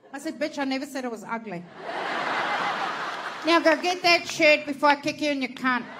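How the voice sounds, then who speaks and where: A woman's voice: high-pitched, pushed and bright. A woman doing a stand-up comedy set, telling a story in a brash, profane way.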